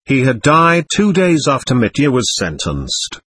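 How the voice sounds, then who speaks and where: Husky male audiobook narrator. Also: medium pitch, huge pitch swings, a little slow, fairly bright tone. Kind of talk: scripted narration of a novel.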